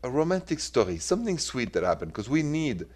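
A man's voice: medium pitch, big pitch swings, a little fast, darkish tone. A man with a French accent, French as his first language, hosting a call-in radio show about relationships in a playful, chatty way. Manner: playful, chatty, switches between French and English.

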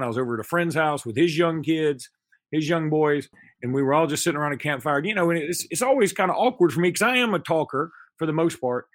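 A man co-hosting a podcast, telling a long anecdote in a rambling, animated way, full of restarts and fillers. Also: a little high, no echo. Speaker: podcast co-host. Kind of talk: casual storytelling chat.

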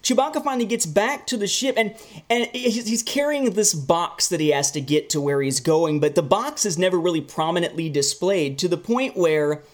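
A man co-hosting a casual comic review chat, animated and quick to mock what he reads. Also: high-pitched. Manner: animated, slips into goofy mocking voices. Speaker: podcast co-host reviewing comics.

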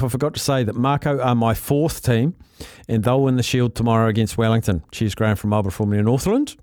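A New man hosts a sports talk radio show, reading listener messages aloud and tossing in quick asides. His voice sits mid-pitch. The studio sound is dry and close. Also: darkish tone, no room sound. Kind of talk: reading listener texts and taking calls.

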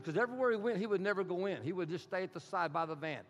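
A man preaching a sermon as pastor, using rhythmic repetition and call-and-response, building from quiet to loud. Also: high-pitched, racing, few pauses, over music.

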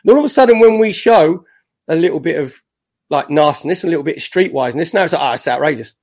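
Male podcast guest in his fifties, lightish pitch, lively anecdote-teller who slips into quoted voices. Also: quick pace. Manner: animated storyteller, acts out quotes. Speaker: guest, former footballer. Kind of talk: casual podcast chat.

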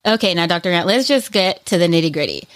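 A woman hosting an interview, asking brisk, playful questions. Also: on the low side, expressive. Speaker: interviewer host. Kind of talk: casual interview.

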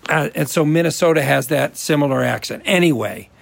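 A man's voice: on the high side, fairly quick, vocal fry, dry recording. A man from the American Midwest, a guest on an interview show, chatting casually and rambling with restarts. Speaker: guest actor.

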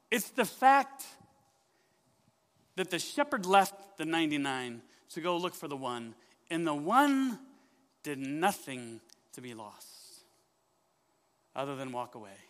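Pastor guy preaching, super animated, lots of reverb off the church walls. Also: fairly high pitch, a little slow, long pauses. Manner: animated storyteller, asks the congregation questions. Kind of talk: sermon.

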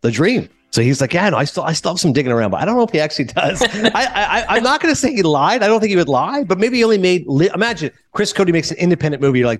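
Animated fast-talking man critic. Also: high-pitched. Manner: animated, quick, acts out dialogue. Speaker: film critic and podcast host. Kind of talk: casual storytelling monologue and interview.

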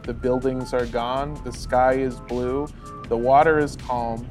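A man runs a tabletop game and narrates at a middling pitch. His delivery is loose and unhurried, with many filler pauses between phrases. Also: faint music behind. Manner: relaxed, with frequent uh fillers. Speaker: game master.

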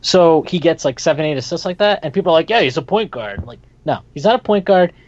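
A man's voice: a little high, quick pace, darkish tone. A man co-hosting a casual sports talk show, blunt and emphatic, getting fired up as he argues. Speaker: podcast co-host. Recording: dull lo-fi sound.

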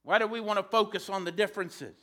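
Bright-voiced, high-pitched male preacher. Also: steady tone, quick pace. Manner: conversational, joking asides. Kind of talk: sermon.

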